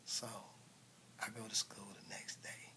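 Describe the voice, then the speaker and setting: A man telling a personal story, dropping to hushed whispers and then bursting out loud with punch sounds. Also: a little slow.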